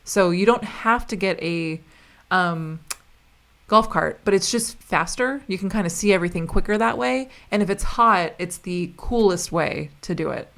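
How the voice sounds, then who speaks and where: A woman's voice: lowish voice, vocal fry, fairly bright tone. Chatty woman co-hosting a live stream. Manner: chatty, quick to tell family anecdotes. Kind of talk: casual live-stream chat.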